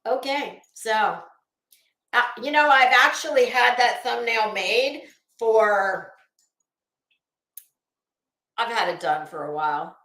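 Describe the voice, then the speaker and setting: A woman's voice: a little high, takes it slowly, long pauses, bright, forceful tone, roomy sound. A woman hosting a casual live stream, greeting viewers by name and swearing freely. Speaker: livestream host.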